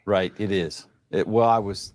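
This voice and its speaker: A man's voice: on the low side, a little slow, darkish tone, dry recording, clean studio sound. A man from the American Midwest hosting a casual chat show in a joking, chatty way. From Chicago area, USA. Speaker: show host.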